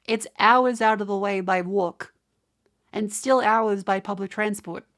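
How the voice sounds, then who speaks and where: A young Australian woman talks casually to her live-stream chat. She rants in an exasperated way and swears freely, with a mid-pitched voice. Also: measured pace, a bit bright.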